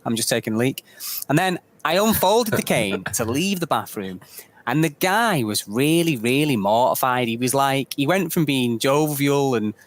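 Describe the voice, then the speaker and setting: A man, a podcast guest, telling stories in a casual chat, often pausing with ums. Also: medium pitch, lively intonation, a little hiss or hum. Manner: hesitant, with frequent ums.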